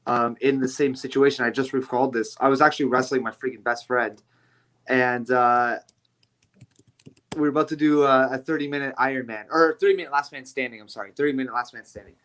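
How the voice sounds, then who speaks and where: Brief: male podcast guest, pro wrestler, lively casual storyteller, mid pitch. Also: a little fast. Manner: animated storyteller, swears lightly. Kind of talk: casual chat.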